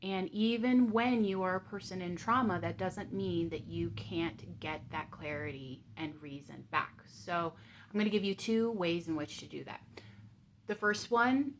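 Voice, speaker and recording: Woman vlogger, lowish voice, gentle, candid storytelling into a calm guided exercise. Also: slight background noise. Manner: candid and gentle, with frequent ums. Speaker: vlogger sharing coping tips.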